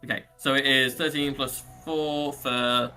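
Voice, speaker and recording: Player, male, bright tense voice, chatty, works out rules aloud. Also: mid-range voice, steady tone, a little slow, smooth, faint music behind. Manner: chatty, thinks out loud about rules. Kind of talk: casual tabletop play.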